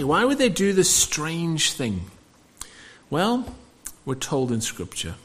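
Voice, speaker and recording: A man preaching a sermon, asking the congregation rhetorical questions in an animated way. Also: fairly high pitch.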